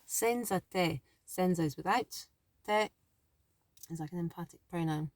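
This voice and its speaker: A woman's voice: fairly low pitch, measured pace, no echo. A woman teaching a language lesson in a chatty, thinking-aloud way, often correcting herself as she explains. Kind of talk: casual spoken lesson.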